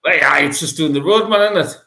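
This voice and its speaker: Laid-back co-host in echoey room. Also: male voice, fairly high pitch, fast talker, pushed and bright. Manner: laid-back, teasing, gives short predictions. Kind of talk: casual football chat.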